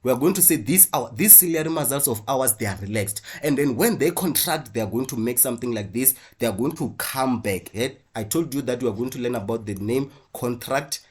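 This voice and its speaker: A man's voice: medium pitch, expressive, a little fast, few pauses, a little mellow, slightly rough. A man with a South African English accent teaching an online biology class, explaining while he draws and often checking in with "right?".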